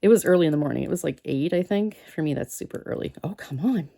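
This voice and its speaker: A woman's voice: low-pitched, lively intonation, fast talker, gravelly, dark tone. A woman host chatting casually while she makes a craft page, rambling through stories and talking to herself as she works.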